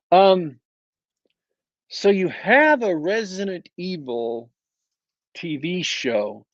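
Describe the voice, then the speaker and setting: A man's voice: fairly high pitch, dry recording, dull audio. Sardonic rambling man on a podcast. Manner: sardonic, rambling, with frequent ums and uhs. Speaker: podcast co-host reviewing shows. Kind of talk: casual podcast chat.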